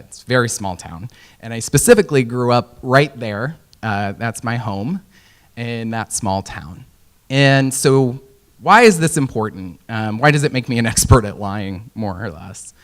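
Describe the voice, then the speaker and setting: A young man from Indiana giving a casual, joking conference talk with many fillers. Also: medium pitch. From Indiana, USA. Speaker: conference speaker. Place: conference hall.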